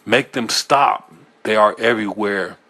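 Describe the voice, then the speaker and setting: A man with a lowish voice reads a first-person horror tale aloud. His delivery is tense and halting, with small slips he corrects as he goes. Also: pushed and bright. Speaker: audiobook reader.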